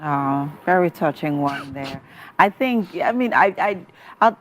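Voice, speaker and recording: A woman's voice: sits low, animated, a little slow, a little hiss or hum. A woman with a Nigerian English accent hosting a breakfast TV show and interviewing an author in a chatty way full of "you know" fillers.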